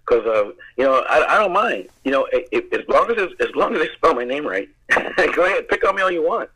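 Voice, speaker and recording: A man's voice: fairly high pitch, big pitch swings, a little fast, a bit bright, slightly rough, rough recording. An American man, a guest actor, telling rambling stories in an interview, repeating words and laughing often. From United States. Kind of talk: casual interview storytelling.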